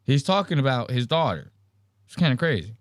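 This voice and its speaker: A man's voice: medium pitch, sing-song, fairly quick, no room sound, studio quality. A man hosting a podcast, reacting to clips in a casual, incredulous, rambling way, quoting the chat and mimicking people. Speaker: podcast host.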